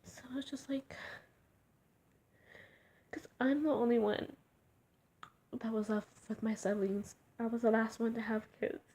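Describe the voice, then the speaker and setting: A young woman talking in a personal vlog, emotional and halting, often trailing off into near-whispers. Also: on the high side, fairly even intonation, warm tone, breathy edge. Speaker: vlogger.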